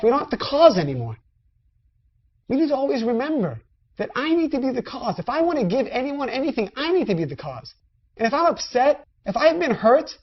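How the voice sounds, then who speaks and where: Woman teaching in a conversational way, lo-fi. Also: fairly high pitch. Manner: conversational, direct address to listeners. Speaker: spiritual teacher. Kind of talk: recorded lecture.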